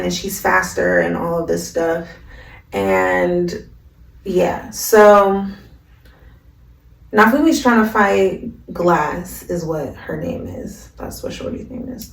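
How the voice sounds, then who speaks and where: A woman's voice: on the low side, gravelly. A woman casually recapping an anime episode in a slangy, rambling way, full of "like" fillers. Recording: roomy, from a distance.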